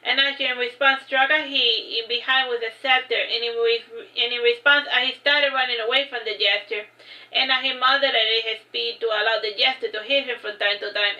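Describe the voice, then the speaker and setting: Bright-voiced woman reading her own book. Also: on the high side, steady tone, rough recording. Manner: halting, with slips and restarts.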